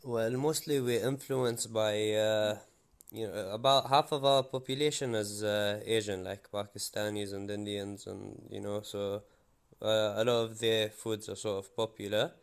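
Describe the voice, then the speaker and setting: A man's voice: lowish voice, flat delivery, measured pace, creaky, clear, resonant tone. A man calling in to a podcast, explaining things hesitantly with many fillers. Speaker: caller. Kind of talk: casual chat.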